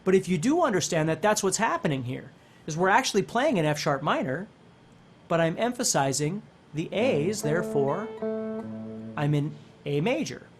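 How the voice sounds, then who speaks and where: A man teaching a relaxed guitar lesson, walking through each idea plainly and often pausing to ask if you follow. Guitar music is clearly heard behind his voice. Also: high-pitched. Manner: explanatory, checks in with "okay?" and "right?". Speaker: guitar instructor. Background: guitar playing.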